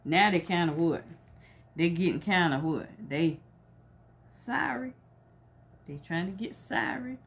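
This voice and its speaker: A woman reading a storybook aloud to children, pausing to ask them coaxing, leading questions about feelings. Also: lowish voice, expressive.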